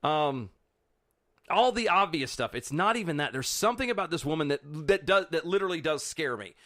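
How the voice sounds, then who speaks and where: A man's voice: on the high side, expressive, a little fast, fairly bright tone. A man co-hosting a casual political podcast, rambling and restarting his sentences. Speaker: podcast co-host.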